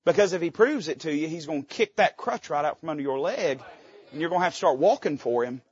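A man's voice: a little high, lively intonation, fast talker, husky, highs cut off. A man preaching a fervent, folksy sermon from a church pulpit, his volume swelling and dropping suddenly. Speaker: pastor.

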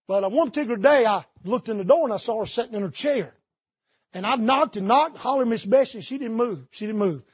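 A man's voice: high-pitched, husky, no echo, dull audio. A man, preaching a sermon in a church and telling folksy stories. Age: 50s. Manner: folksy storytelling with Southern idioms. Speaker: pastor. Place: church sanctuary.

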